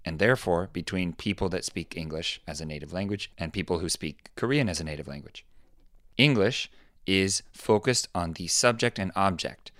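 Deep-voiced man explaining things thoughtfully. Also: no room sound, studio quality. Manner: thoughtful, acts out quoted lines with lively pitch jumps. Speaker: podcast host. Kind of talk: casual explanatory chat.

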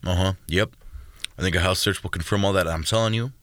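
A man narrating a storybook, voicing a male detective who talks in a brisk, matter-of-fact way. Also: low voice, fairly bright tone, dry recording.

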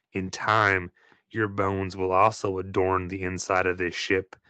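A man's voice: on the low side, fairly bright tone, dry recording. A man reading a choose-your-path story aloud in a playful way, breaking off now and then with joking asides. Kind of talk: playful read-aloud narration.

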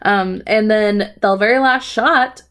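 A young woman chats loosely about a show, stringing the story together with "like" and "um". Her voice sits at an ordinary middle pitch. She sounds offhand and profane. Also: slow pace, fairly bright tone. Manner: rambling, profane storytelling with frequent fillers. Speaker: podcast co-host recapping a TV episode. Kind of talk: casual chat.

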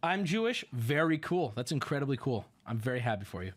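A man in his thirties telling a rambling story as a streamer in casual chat, animated and profane. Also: medium pitch, fairly quick. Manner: rambling, animated, swears, acts out quotes.

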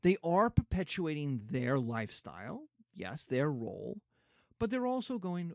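Animated man lecturing, lively pitch. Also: measured pace, creaky, no room sound, clean studio sound. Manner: animated, mocking asides in put-on voices. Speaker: history lecturer.

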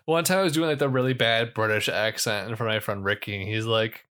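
A man's voice: lowish voice, normal speed, sharp tone, clear, resonant tone. A young man co-hosting a podcast, rambling easily and joking at his own expense. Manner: easygoing, rambling, self-deprecating. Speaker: podcast co-host. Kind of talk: casual chat.

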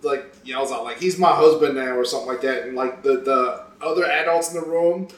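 A man's voice: medium pitch, steady tone, fairly quick, fairly bright tone, far from the mic. A man, a comedian guest on a podcast, telling jokes in a dry, provocative way in casual chat. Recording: echoey and off-mic.

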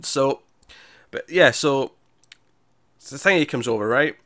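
A man's voice: mid-range voice, lively intonation, unhurried, a bit bright, no room sound. A man casually recapping a TV episode with a friend, retelling scenes with many restarts and frequent laughs. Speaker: podcast co-host.

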